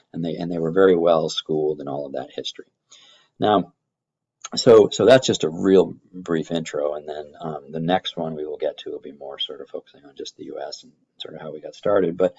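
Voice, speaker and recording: A middle-aged man teaching a high school government class, rambling through explanations and stories with many fillers and restarts. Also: creaky, darkish tone, slightly rough, muffled recording. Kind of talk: classroom lecture.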